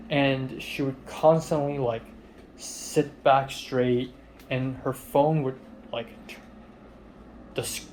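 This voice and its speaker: With a little hiss or hum in the recording, a young man tells a personal story in a casual, rambling manner. He uses many fillers and often trails off quietly in a flat, low-key voice.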